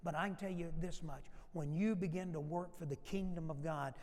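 A man's voice: fairly high pitch, steady tone, brisk, a little mellow. A man pastor preaching an emphatic sermon and acting out Bible dialogue. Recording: long hall reverb.

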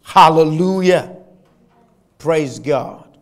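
A man preaching a sermon to a church congregation, reading scripture in a dramatic, drawn-out and emphatic way. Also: fairly high pitch. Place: church, with the sermon also streamed.

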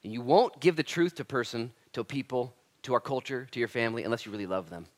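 A man preaching a sermon as pastor, impassioned and casual, swinging from loud emphatic lines to hushed near-whispers. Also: mid-range voice, quick pace. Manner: casual slangy address, says "dude" and "man".

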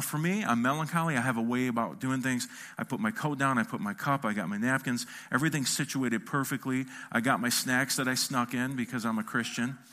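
Bright-voiced animated pastor. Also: male voice, mid-range voice. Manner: animated, acts out quotes with a shifting voice. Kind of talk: storytelling sermon.

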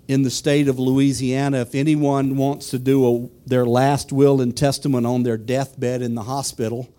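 Mellow-voiced man preaching a sermon. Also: mid-range voice. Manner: asks the congregation questions, then tells a story. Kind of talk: sermon with a personal story.

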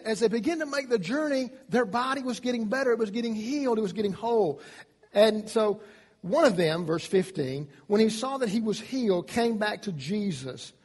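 A man preaching a sermon, emphatic, his voice rising in pitch and loudness on key points. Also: breathy edge, big-room sound. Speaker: pastor.

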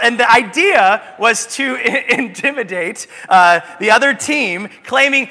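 Bright high-voiced male pastor, reverberant. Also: unhurried. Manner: animated, humorous storytelling. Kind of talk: sermon. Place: church sanctuary. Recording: long church reverb.

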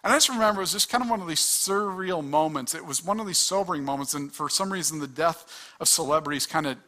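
A man's voice: on the high side, sharp tone. A man preaching a sermon in an earnest, conversational way, often restarting his words. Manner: earnest, conversational, with quick restarts and acted-out asides. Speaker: pastor.

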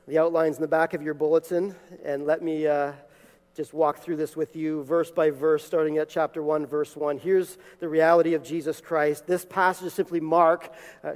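A pastor preaches a sermon in a church sanctuary, reading scripture, praying, and teaching with emphatic repeated phrases. His voice sits on the high side with a flat delivery at normal speed, and the sound carries the echo of a big room.

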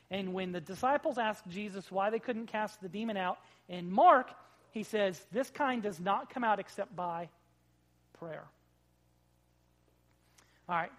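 Animated conversational preacher. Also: medium pitch. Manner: animated, swinging between loud emphasis and quiet asides; conversational, with jokes and acted-out quotes. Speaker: pastor. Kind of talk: sermon.

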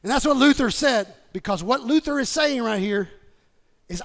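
High-voiced preacher shouting emphatically. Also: male voice, expressive, moderate pace. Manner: emphatic preacher, swings from low asides to shouting. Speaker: pastor. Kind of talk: sermon.

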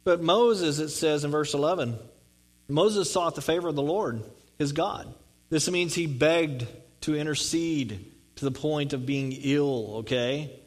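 Speaking at a measured pace, this slightly high-voiced male pastor reads from scripture and unpacks it in a conversational sermon, often repeating words to stress them. The recording is rough.

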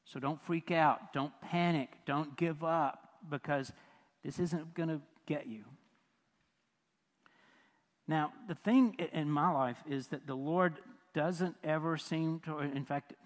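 Male pastor, chatty sermon delivery, lightly raised pitch, echoing church hall. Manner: conversational preaching, asks the audience questions, repeats phrases. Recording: long hall reverb.

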